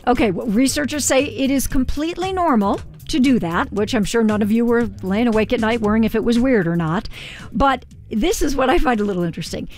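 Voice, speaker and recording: A woman hosts a morning radio show, upbeat and quick to throw questions to her co-hosts. Her voice sits fairly high, with faint music behind her. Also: lively intonation, darkish tone. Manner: upbeat, leads the segment with questions.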